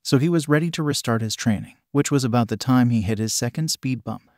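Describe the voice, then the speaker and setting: A man reading fan fiction aloud in an even, literal narration. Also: medium pitch, fast talker, no echo, clean studio sound. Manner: even, literal reading, reads out sound words.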